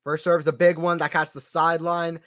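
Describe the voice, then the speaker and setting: Excitable man calling tennis play-by-play. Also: a little high, moderate pace, no echo. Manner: excited, chatty, repeats phrases, reads out chat. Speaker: live stream commentator. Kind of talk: casual play-by-play tennis commentary.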